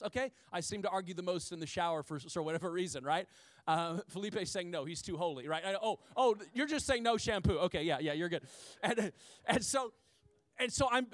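A man preaching a sermon as pastor, in a conversational, animated way, with frequent asides to the congregation and key phrases repeated for emphasis. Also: on the high side, smooth, dry recording, studio quality.

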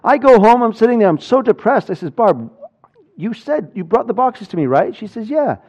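A man preaching a sermon, telling a personal story with animated swings between loud and hushed delivery. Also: high-pitched, moderate pace, dull audio. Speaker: pastor.

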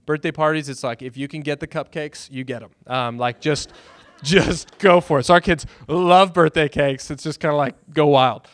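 A pastor, preaching a sermon and telling stories with bursts of loud excitement. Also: male voice, fairly high pitch, moderate pace, no echo.

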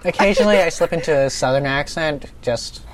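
A woman's voice: low-pitched, fairly quick, slight background noise. A woman with an East Coast accent making wry quips in a podcast chat, sitting too far from the mic.

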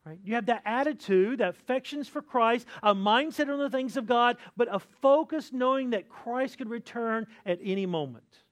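A man with a high voice preaches a sermon from the pulpit. His talk is conversational, and he keeps checking in with his listeners by asking "right?" as he goes. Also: normal speed, hardly any pauses. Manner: acts out complaining voices with sighs. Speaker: pastor.

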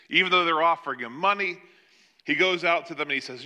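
A man's voice: on the high side, brisk, long pauses, pushed and bright. An older man preaching a sermon, retelling a scripture story in a conversational way with joking asides. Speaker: pastor.

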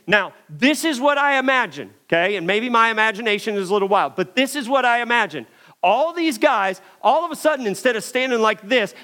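A man preaching a sermon, telling a story in an animated way and swinging from loud emphasis to hushed moments. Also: extremely high pitch.

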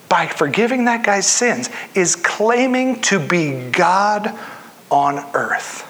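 A man preaching a sermon with an earnest delivery. His voice sits a little higher than most men's. He reads scripture aloud and slips into the voices of people in the story. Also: sing-song, takes it slowly, a bit bright. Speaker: pastor.

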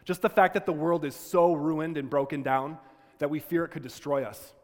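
A man's voice: on the high side, normal speed. A man lecturing to students, telling a personal story in an earnest, conversational way with frequent restarts. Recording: long hall reverb.

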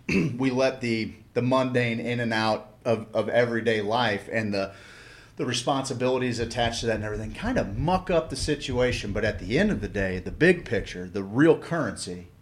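Reflective, earnest man on a podcast. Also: medium pitch. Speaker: podcast co-host. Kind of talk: casual chat.

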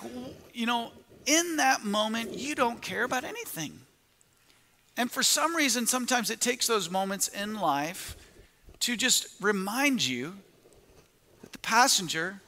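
A man's voice: high-pitched, sharp tone, long reverb tail. A man preaching a sermon, telling a story with quoted asides and frequent restarts.

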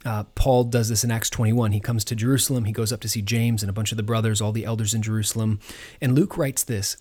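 A man preaching a sermon in an earnest, measured teaching manner, pausing on fillers and restarting phrases. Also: fairly low pitch, steady tone, a little mellow. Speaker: pastor.

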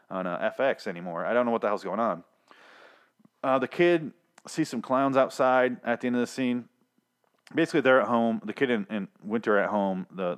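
A man recapping a TV episode in a casual monologue, swearing often and ranting in exasperation, with frequent fillers. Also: on the low side. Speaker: TV episode reviewer.

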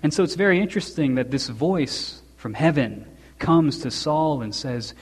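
Fairly high-voiced preacher in a reverberant hall. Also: male voice, expressive, husky. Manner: conversational storytelling with quick asides and chuckles. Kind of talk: expository sermon.

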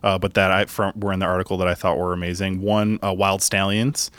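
Man, podcast host, low-ish voice, dry sound, casual and loose. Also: a little fast, no echo. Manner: relaxed, laughs often, swears casually. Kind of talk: casual chat.

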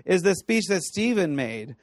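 A man with a fairly high voice teaches scripture to a room of students, animated and playful. He acts out the people in his stories and laughs often. The sound is dry and close. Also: unhurried, dry recording. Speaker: Bible teacher. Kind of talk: lively teaching talk to students.

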